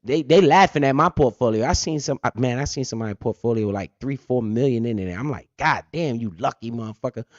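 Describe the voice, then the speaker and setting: A man's voice: medium pitch, quick pace, hardly any pauses, dry recording. A man hosting a finance livestream, explaining things bluntly with lots of profanity and asking and answering his own questions. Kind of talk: casual explanatory livestream talk. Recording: dull lo-fi stream audio.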